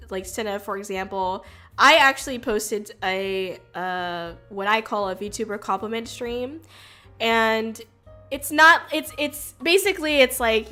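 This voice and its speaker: Rambling chatty woman, fairly high voice. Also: pushed and bright. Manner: rambling, many fillers and restarts, swears casually. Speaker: VTuber streamer. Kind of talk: casual chat.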